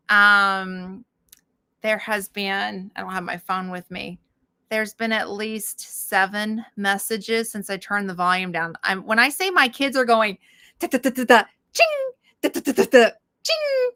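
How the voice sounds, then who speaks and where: A middle-aged woman chatting slowly and casually on a livestream. Her voice is bright and sharp, and she rambles, restarts and laughs often. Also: mid-range voice. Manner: rambling with many fillers and restarts. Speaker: livestream host.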